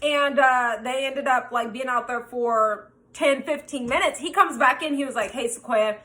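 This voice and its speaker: A woman telling a personal story to her camera, candid and animated. Her voice sits high and has a bright, forceful edge. She talks casually and swears freely. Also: normal speed.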